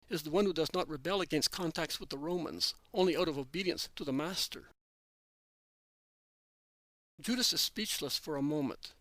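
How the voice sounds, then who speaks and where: Male narrator for a scripted religious story, measured and plain, slightly high voice, dry recording. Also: sharp tone, no room sound.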